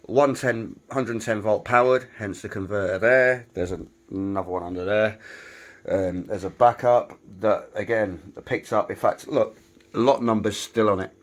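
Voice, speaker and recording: A man's voice: on the low side, moderate pace. A man with a British accent giving a chatty, self-mocking tour of his small garage workshop. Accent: British English. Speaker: woodworking maker giving a shop tour. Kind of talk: casual vlog walkthrough.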